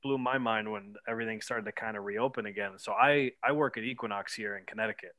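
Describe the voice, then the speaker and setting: A man's voice: fairly low pitch, fast talker, sharp tone, no room sound. A man chatting on a podcast who makes his points emphatically and keeps checking in with "right?". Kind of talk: casual podcast chat.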